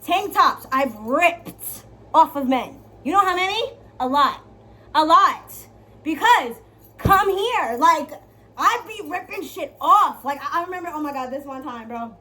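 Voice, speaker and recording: A young woman vlogger giving dating advice in a brash, profane, playful monologue, swinging from loud to hushed. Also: high voice, lively intonation, measured pace. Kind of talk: casual storytelling monologue.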